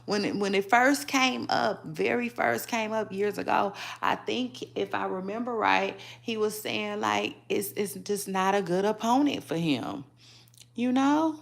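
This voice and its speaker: Chatty gossip host, animated and laughing. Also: female voice, mid-range voice, unhurried, gravelly. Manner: chatty and animated, laughing, with many fillers and restarts. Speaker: gossip vlogger. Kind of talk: casual celebrity gossip commentary.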